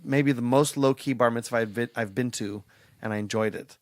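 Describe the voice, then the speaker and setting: A man's voice: medium pitch, brisk, dry recording. Wry rambling man on a podcast. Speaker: podcast co-host. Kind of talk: casual podcast chat.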